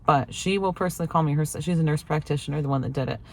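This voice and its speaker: Chatty woman vlogger with a low voice. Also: racing, creaky, slight background noise. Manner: chatty storytelling, acts out quoted lines, laughs often. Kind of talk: casual chat to camera.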